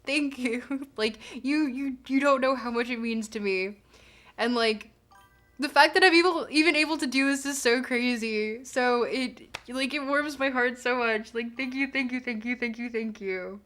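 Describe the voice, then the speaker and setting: A woman's voice: fairly high pitch, normal speed, a bit bright. A young woman streaming live, chatting casually, bubbly and giggly as she gushes thanks to her viewers. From Canada.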